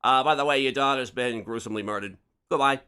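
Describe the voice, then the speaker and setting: A man's voice: medium pitch, fast, bright, forceful tone, clean tone, lightly acted. A man putting on a pushy 1940s male newspaper reporter with a Mid-Atlantic accent, slick and wheedling. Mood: blunt. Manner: slick, wheedling, then abrupt.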